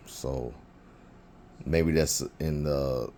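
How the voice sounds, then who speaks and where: A man's voice: extremely low pitch, steady tone, slow pace, pauses often, a little mellow, a little hiss or hum. A man teaching biblical Hebrew in an informal lesson, thinking aloud with fillers and restarts.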